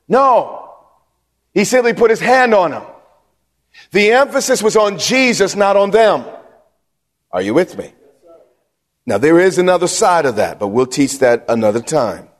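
In a church sanctuary, a male pastor delivers a sermon with emphasis, asking the congregation questions and going over points again. He speaks expressively at a moderate pace in a high voice, and the sound carries a long hall reverb.

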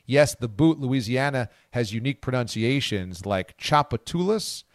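A man's voice: medium pitch, lively intonation, moderate pace, no echo, clean studio sound. A man hosting a sports radio show in casual, joking banter, reading out listener messages. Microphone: studio microphone.

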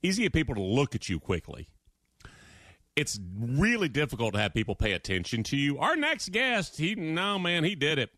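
A man's voice: normal speed, no room sound. A man hosting a sports talk radio show, talking emphatically. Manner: animated, emphatic, shifts pitch a lot.

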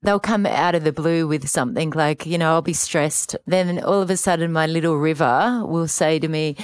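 A woman, a mother of three on a parenting panel, speaking gently and warmly about her children. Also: low voice, normal speed, clean tone, no room sound. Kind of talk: casual chat.

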